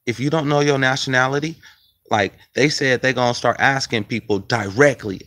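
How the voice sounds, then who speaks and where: A man's voice: medium pitch, moderate pace, fairly bright tone, no echo, low-quality recording. A man, talking loosely and conversationally to his viewers as a video host. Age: 40s. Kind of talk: casual talk to viewers.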